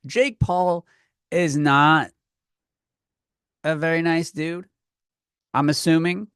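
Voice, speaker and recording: Give me a man hosting a comedy podcast, ranting and swearing, with a slightly high voice and a dry, close sound. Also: fairly even intonation, takes it slowly, a bit bright, clear, resonant tone, no room sound. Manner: profane, ranting, with frequent restarts. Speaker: podcast host. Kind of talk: comedic rant. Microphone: podcast microphone.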